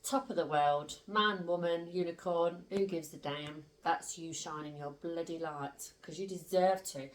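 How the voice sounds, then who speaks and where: A woman's voice: lowish voice, unhurried, few pauses. Chatty woman in a roomy space. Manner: chatty, emphatic, rambling with asides. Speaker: tarot reader. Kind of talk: casual spiritual tarot reading. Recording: roomy sound, distant from the mic.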